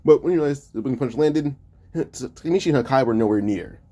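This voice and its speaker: A man's voice: mid-range voice, a little fast, mellow. A man casually narrating a fan-made story in a loose, stumbling way, often correcting himself mid-sentence.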